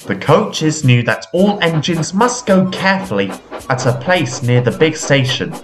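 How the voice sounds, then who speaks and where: A man reading a children's railway storybook aloud in a slow, expressive storytelling manner. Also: fairly high pitch, over music. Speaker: storybook reader. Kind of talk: storybook narration.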